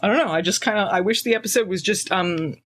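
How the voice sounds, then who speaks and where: A woman's voice: medium pitch, quick pace. A woman hosting a podcast, casually recapping a TV episode with jokes, acting out lines and laughing often. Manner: laughs often, jokey paraphrasing, acts out quotes. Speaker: podcast host.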